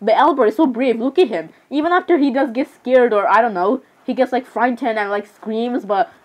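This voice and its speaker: A young woman with a somewhat high voice chats through a game, giggling often and stumbling over her words. She rambles casually, filling her talk with "literally" and "I'm sorry" asides as she reacts. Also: moderate pace, darkish tone. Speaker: gamer. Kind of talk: casual gameplay commentary.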